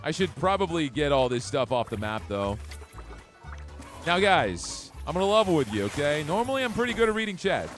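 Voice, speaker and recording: A man's voice: fairly high pitch, big pitch swings, brisk, a bit bright. A man streaming a game live, chatting casually with his chat and reading out card effects. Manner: chatty, upbeat, reads chat. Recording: faint background music.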